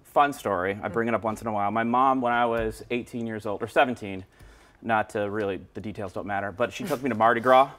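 A man's voice: on the low side, fast talker, a bit bright. A man in his thirties sits in as a guest in a TV studio and jokes his way through family stories. He talks in a loose, teasing, rambling way. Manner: playful, teasing, rambling anecdotes. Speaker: radio host guest. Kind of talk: joking casual chat. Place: TV news studio.

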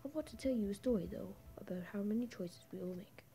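A woman's voice: mid-range voice, quick pace, vocal fry, mellow, natural voice, poor audio. Woman putting on a taunting Australian drifter. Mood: menacing. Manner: mocking, drawling, mostly whispered. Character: grizzled homeless drifter man, taunting and unhinged. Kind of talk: voicing game dialogue aloud.

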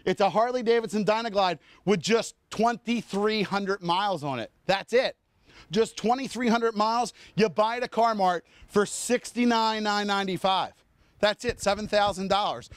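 A man hosting a TV car commercial, rattling off vehicle features in an enthusiastic hard-sell pitch and talking straight to viewers and the cameraman, outdoors on a dealership lot. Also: fairly bright tone, no room sound. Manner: rapid-fire enthusiastic sales pitch, listing features; addresses viewers and cameraman directly. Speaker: car dealership salesman and show host.

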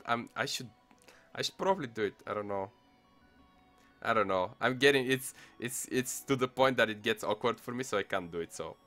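Bright-voiced young man swearing over gameplay. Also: on the low side. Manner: excitable, swears often, mutters to himself. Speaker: gaming channel host. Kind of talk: casual mobile gameplay commentary. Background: faint music playlist.

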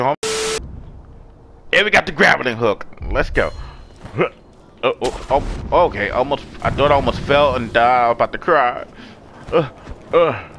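A man giving excitable, profanity-laced let's play commentary, talking back to the enemies he fights. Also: medium pitch, slight background noise. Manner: excitable, swears a lot, talks to enemies. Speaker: gamer. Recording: background music.

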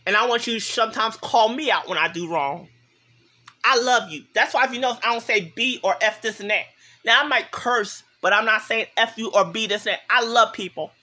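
Man, tearful, impassioned, repetitive, high pitch, bright tone. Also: brisk. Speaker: vlogger. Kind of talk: emotional direct-to-camera monologue.

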